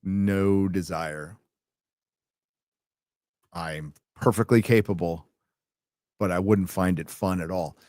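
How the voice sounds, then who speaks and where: A man's voice: deep voice, steady tone, slow, long pauses, darkish tone, no echo, studio quality. A man hosting a casual late-night livestream, reading out viewer donations and rambling with wry, profane asides.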